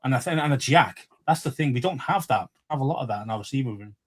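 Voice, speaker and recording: Fast-talking Scouse man. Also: mid-range voice, lively intonation, slightly rough. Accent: Liverpool (Scouse). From England. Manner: rambling, swears freely, many fillers. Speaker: podcast co-host. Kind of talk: casual sports chat.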